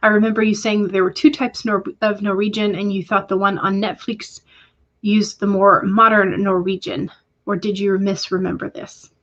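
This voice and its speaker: Her voice sits at medium pitch with a level tone and moderate pace, and the recording sounds dull. This woman runs a relaxed writing livestream, reading chat comments out loud and responding warmly while hesitating with fillers.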